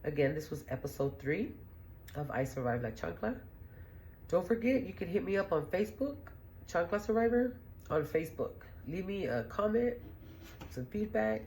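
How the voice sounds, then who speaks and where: On the low side and a little mellow, this middle-aged woman's voice comes through with slight background noise. As a podcast host she tells stories casually, rambling and profane, blunt in manner and laughing often.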